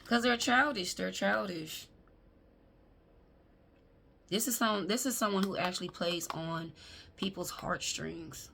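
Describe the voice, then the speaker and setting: Gravelly-voiced woman doing a casual tarot reading. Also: fairly low pitch, fairly even intonation, slow pace, long pauses, fairly bright tone. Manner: chatty, emphatic, talks to viewers as y'all. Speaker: tarot reader. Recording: faint background noise.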